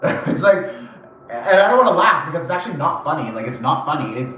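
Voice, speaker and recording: A man giving a channeled tarot reading, animated and casual, acting out quoted reactions, swearing now and then and laughing often. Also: on the high side, fairly quick, a little hiss or hum. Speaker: tarot reader. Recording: very echoey room.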